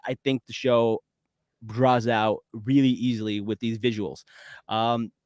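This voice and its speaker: A man's voice: mid-range voice, level tone, a little slow, a little mellow, dry recording, clean studio sound. A man co-hosting a casual pop-culture podcast, talking enthusiastically, rambling and laughing often. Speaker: podcast co-host.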